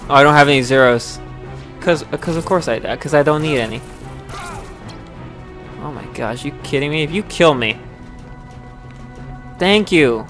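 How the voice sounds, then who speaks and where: A young man streaming a video game live, rambling casually between bouts of swearing and frustrated yelling. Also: a little high, moderate pace, pauses often, faint music behind. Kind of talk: live gameplay commentary.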